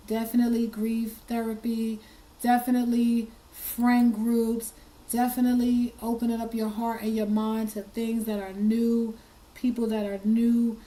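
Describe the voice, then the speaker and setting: A woman hosting an online commentary, speaking earnestly while hoarse and fighting back tears, often repeating her words. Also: a little high, little pitch movement, a little slow, mellow, slight background noise, rough recording. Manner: earnest, choked up, repeats herself. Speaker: commentary channel host. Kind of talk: emotional commentary.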